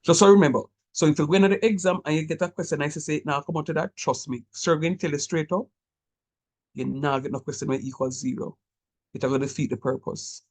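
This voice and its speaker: Husky, encouraging male math lecturer. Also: on the high side, steady tone, rough recording. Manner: encouraging, repeats key points slowly. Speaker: calculus lecturer.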